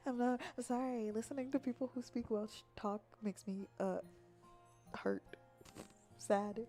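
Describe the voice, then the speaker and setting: A woman's voice: on the high side, normal speed, hardly any pauses, dark tone. A woman streamer in casual, rambling chat, teasing and joking as she reads comments aloud. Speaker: VTuber streamer. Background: faint background music.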